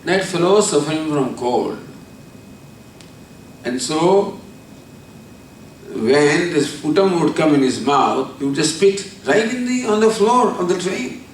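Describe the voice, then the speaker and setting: A man, giving a spiritual discourse. He tells a story and then explains Sanskrit terms slowly, repeating them. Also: fairly high pitch, expressive. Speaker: spiritual teacher. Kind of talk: discourse on scripture. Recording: echoey hall from far off, faint noise.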